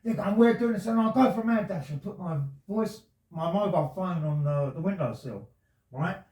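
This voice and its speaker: A man's voice: sits high, animated, normal speed, a little mellow. A man making a complaint to the police, talking in a rambling, insistent, agitated way. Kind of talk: conversation with police. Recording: roomy, from far off the mic.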